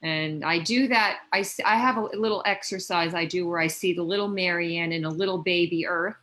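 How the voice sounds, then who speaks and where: A woman speaking as a guest in a spiritual conversation, gentle and heartfelt, often restarting her sentences. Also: on the low side, fairly quick, low-quality recording.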